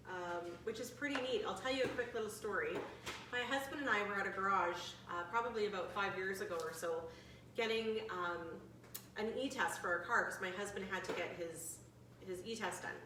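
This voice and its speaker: A woman in her forties leading a bird trivia quiz for seniors, chatty and friendly, reading questions out slowly. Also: medium pitch, a bit bright, slight background noise. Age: 40s. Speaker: activity leader. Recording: echoey room, from a distant mic.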